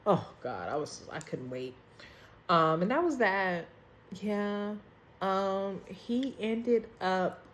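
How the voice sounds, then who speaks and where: Candid, profane young woman with a lowish voice. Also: slight background noise. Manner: candid, profane, chatty, calls the listener "girl" and "baby". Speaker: storytime vlogger. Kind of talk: casual storytelling on a video call. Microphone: phone video call.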